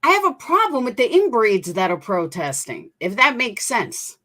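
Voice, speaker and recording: A woman's voice: a little high, huge pitch swings, moderate pace, sharp tone. A woman hosting a commentary channel, talking bluntly and indignantly and swearing freely. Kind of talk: opinionated commentary.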